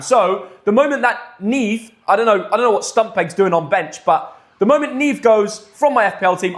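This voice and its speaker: A young man with a high voice hosts a live football stream. He is excitable and jumps from loud hype to quick chatty asides.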